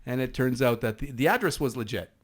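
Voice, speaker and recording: A middle-aged man with a Canadian East Coast accent tells stories on a podcast. He talks in a lively, halting way with many restarts, in a mid-range voice. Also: medium pitch. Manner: animated storyteller with many restarts and laughs. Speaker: podcast guest, former SWAT sergeant. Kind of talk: casual storytelling.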